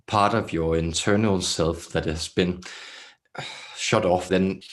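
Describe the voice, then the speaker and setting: A throaty, very low voice of a serene alien collective, as a man channels it, speaking as "we". The delivery is slow and solemn, with long pauses between phrases. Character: collective alien consciousness speaking as a group, calm and benevolent. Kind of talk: channeled spiritual message.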